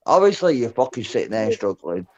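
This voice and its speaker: A man's voice: lowish voice, sing-song, brisk. A man chatting on a voice-chat show, swearing and rambling, ending nearly every phrase with "lad" or "mate". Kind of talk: rowdy casual chat. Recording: dull lo-fi voice-chat audio.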